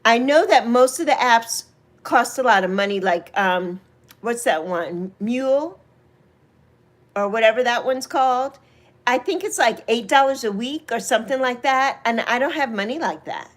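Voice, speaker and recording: A woman's voice: a little high, animated, normal speed. A woman in her sixties from New York, chatting casually and teasing viewers by name on her livestream, laughing often. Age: 60s. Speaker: livestream host.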